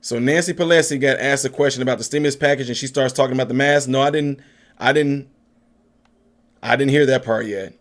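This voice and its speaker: A man's voice: medium pitch, fairly even intonation, fairly quick. A man hosting a casual political livestream, chatting loosely and answering viewer comments. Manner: chatty, laughs often, coos at his dog in a soft baby-talk voice.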